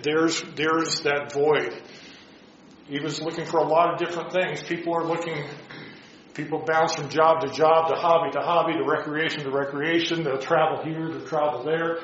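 A man's voice: on the high side, fairly bright tone, a little hiss or hum. A man leading a Bible study, teaching a group and putting rhetorical questions to them. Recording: dull echoey room recording.

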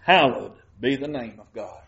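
A man preaching a sermon, reading scripture slowly and putting questions to the congregation. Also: mid-range voice, lively intonation, creaky, fairly bright tone. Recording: muffled church recording.

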